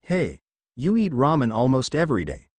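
A man's voice: medium pitch, wildly swooping pitch, normal speed, a little mellow, slightly rough, no echo. A man reading the lines of a sheepish, wisecracking teenage boy in a fan fiction story, in a joking, apologetic manner.

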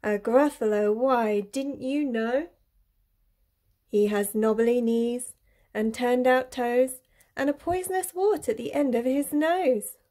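A woman's voice: a little high, takes it slowly, dark tone. A woman voicing a boastful, clever little male mouse in a sing-song rhyming manner. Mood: cheeky.

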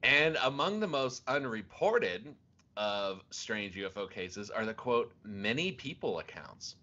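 A man co-hosting a podcast with a bright, forward voice that sits fairly low. He retells odd stories in animated, casual chat, often laughing and restarting his sentences. The sound is muffled and lo-fi. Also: unhurried. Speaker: podcast co-host. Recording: dull lo-fi sound.

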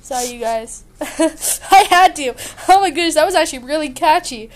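High-pitched chatty young woman gamer. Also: lively intonation, moderate pace, rough recording. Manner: chatty, sing-songy, playful and sarcastic. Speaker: gaming YouTuber. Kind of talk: horror game let's play commentary.

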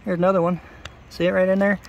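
A man's voice: sits high, flat delivery, fast, vocal fry, highs cut off, slight background noise. A man, a roofer, walks over a roof outdoors and explains in a folksy, plainspoken way what is wrong with it. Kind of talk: casual walkthrough explaining roof faults.

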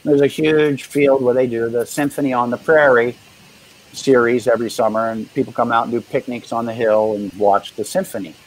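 A man's voice: mid-range voice, steady tone, husky, rough recording. Man, street performer, easygoing storyteller full of restarts and quoted dialogue. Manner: rambling, halting anecdotes with quoted dialogue. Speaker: guest, street performer and juggler. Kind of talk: casual interview storytelling.

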